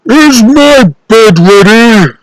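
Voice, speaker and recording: A man voicing a huge, bossy, bad-tempered male giant in a storybook reading, slowly bellowing his demands. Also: very high voice, expressive, no echo, pitched above the performer's own voice, full character voice, poor audio. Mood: demanding.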